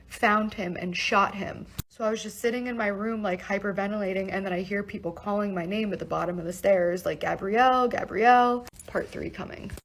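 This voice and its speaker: A young woman recounting an upsetting personal event in a casual storytime vlog, talking fast with lots of "like" and swearing, emotional and shaken. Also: mid-range voice, fairly bright tone, poor audio. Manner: fast, breathless, heavy use of "like" and swearing.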